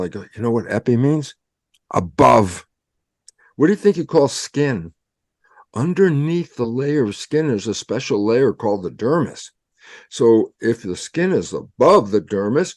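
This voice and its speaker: A man with a mid-pitched voice explains science to a lay audience by acting out back-and-forth conversations. He fires off rhetorical questions and jumps his pitch up for emphasis. The sound is dry, with no room echo. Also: animated, normal speed, darkish tone. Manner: acts out both sides of imagined conversations. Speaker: cell biologist guest explaining science. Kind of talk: animated explanatory storytelling.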